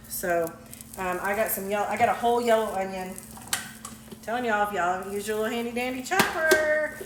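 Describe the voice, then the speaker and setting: A woman's voice: mid-range voice, heavy background noise. Chatty woman in an echoey kitchen. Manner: chatty, folksy, laughs easily. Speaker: home cook vlogger. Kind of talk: casual cooking video chat. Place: home kitchen, frying on the stove. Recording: echoey kitchen with loud frying sizzle. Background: sizzling pan and stirring.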